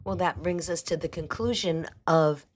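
A woman reading a mystery novel aloud as host of a story program, in a measured manner. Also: fairly low pitch, dry recording. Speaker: host and reader.

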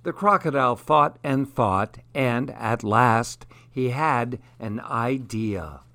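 A man reading a children's story aloud in a measured, unhurried way. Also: medium pitch, gravelly, pushed and bright.

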